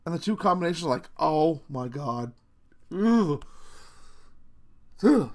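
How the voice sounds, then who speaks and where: A middle-aged man talks straight to his viewers in a loose, rambling rant, sprinkling in curses and chuckling at his own jokes. His voice sits a little higher than most men's. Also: lively intonation, unhurried, gravelly, long pauses. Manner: rambling, profane, laughing at himself. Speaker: vlogger. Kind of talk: casual rant to camera.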